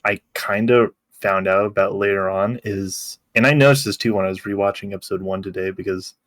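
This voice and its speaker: A man's voice: lowish voice, fairly even intonation, brisk, a bit bright, no room sound. A man co-hosting a podcast in casual chat, laughing often as he talks and acting out quotes. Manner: laughs while talking, acts out quotes. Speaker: podcast co-host.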